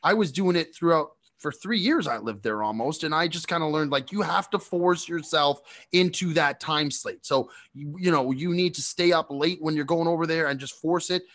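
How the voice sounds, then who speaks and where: A man co-hosting a casual podcast, telling an animated story and often laughing. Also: a little high, normal speed, few pauses. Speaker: podcast co-host.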